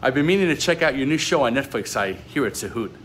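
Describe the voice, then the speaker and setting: A man doing a George Clooney impression in a recorded birthday message, slow and low. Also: expressive, fairly bright tone, slight background noise, close to an everyday voice. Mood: smooth.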